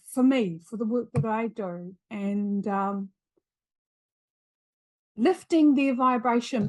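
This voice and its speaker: With a medium-pitched, darkish voice, a middle-aged woman from New Zealand appears as a podcast guest. In an interview, she recounts a story earnestly, repeating phrases to drive them home.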